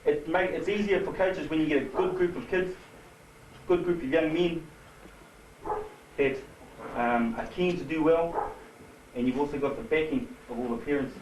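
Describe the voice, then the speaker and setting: A man's voice: on the high side, moderate pace, long pauses, a little mellow. Man, rugby coach, light-humoured speech, distant mic, noisy background. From New Zealand. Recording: echoey hall from far off with noise.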